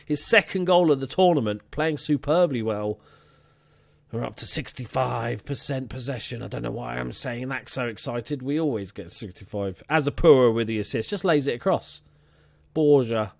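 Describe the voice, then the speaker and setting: A young man casually commentating his own football management game, chatty and excitable, swearing now and then. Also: mid-range voice, dry recording. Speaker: let's play host.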